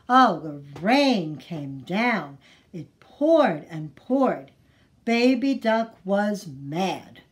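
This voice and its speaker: A woman leading a children's storytime as librarian, singing and reading aloud in a gentle, encouraging way. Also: medium pitch. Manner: gentle, encouraging, sing-song.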